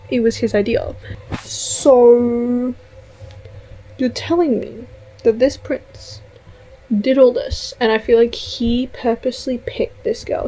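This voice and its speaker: A young woman talking to her camera at home in a casual reading vlog, excitable and gushing, swearing casually. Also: a little high, creaky, slight background noise, poor audio. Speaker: book vlogger. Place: at home indoors. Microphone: camera mic.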